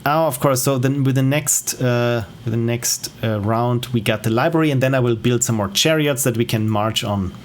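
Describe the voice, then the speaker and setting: A man's voice: medium pitch, normal speed, hardly any pauses, a little hiss or hum. Easygoing man streaming a game. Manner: easygoing, rambling, self-deprecating. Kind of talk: casual gameplay commentary.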